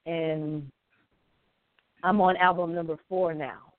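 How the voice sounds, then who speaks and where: A woman guest, a singer, talking about her life in a reflective, unhurried way, often saying "you know". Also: lowish voice, fairly even intonation. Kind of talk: casual interview chat. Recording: tinny phone-like line.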